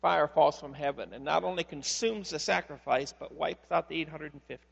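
High-voiced pastor in an echoing hall. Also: male voice, brisk, creaky, slightly rough. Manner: conversational storytelling, animated. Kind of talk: sermon.

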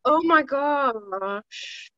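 A young woman chats on a podcast in a giggly, dramatic way. Her voice is high and swoops around a lot. The sound is dry and a little dull. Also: expressive, drawn-out words, fairly bright tone, no room sound. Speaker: podcast co-host. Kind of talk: casual chat.

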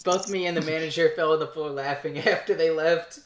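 Woman, low voice, laughing storyteller, light background noise. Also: fairly even intonation, brisk. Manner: laughs often, tells funny stories. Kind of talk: casual group chat.

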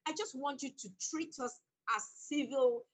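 Her high-pitched voice comes through a low-quality recording at a moderate pace. As an interview guest, this author recounts her working life with bold emphasis and frequent laughter, animated storytelling in conversation.

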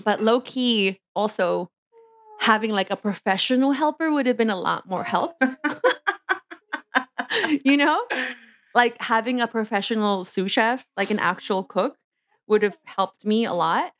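A woman's voice: medium pitch, a little slow, long pauses. A woman co-hosting a podcast in casual chat, telling a story and acting out quotes with lots of "like"s. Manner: chatty storyteller, many "like"s, acts out quotes. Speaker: podcast co-host.

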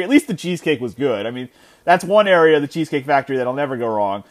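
Male podcast host, 30, a bit higher-pitched, casual storyteller with restarts. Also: rapid-fire. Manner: animated storytelling, many restarts and filler words. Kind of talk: casual solo sports podcast chat. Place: his house.

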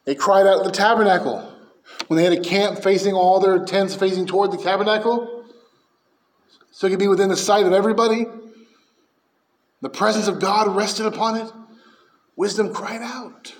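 A male pastor delivering a fervent sermon. His voice sits a touch high for a man, and his delivery swings from hushed, low phrases up to loud, emphatic peaks. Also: normal speed, long pauses.

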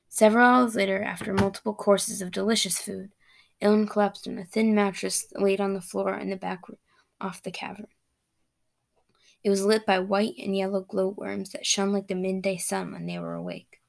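A woman's voice: mid-range voice, level tone, normal speed, creaky. A young woman hosting a podcast, casually introducing and then reading aloud her own fantasy story.

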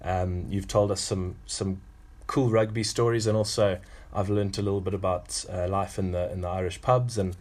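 A man hosts a casual interview, friendly and playful, often repeating a word as he starts a sentence. His voice sits slightly low. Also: fairly even intonation, moderate pace, a little mellow. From Zimbabwe. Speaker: interview host.

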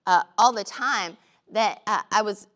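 A woman with a bright, clear tone leads a relaxed devotional talk. She speaks casually, with plenty of fillers, and weaves in humorous personal stories. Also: medium pitch, measured pace. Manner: chatty, storytelling with humor. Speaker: devotional teacher. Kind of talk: conversational devotional teaching.

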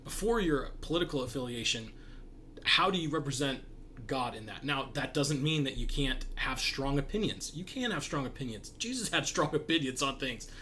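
A man's voice: mid-range voice, animated, normal speed, pushed and bright, a little hiss or hum. A man hosting a podcast, talking earnestly and reflectively with frequent laughs. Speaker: podcast host. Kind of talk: casual podcast conversation.

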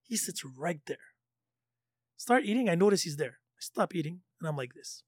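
A middle-aged man in casual chat, telling an animated story, laughing often and swearing freely. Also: sits high, normal speed, no echo, studio quality. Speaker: storytelling guest.

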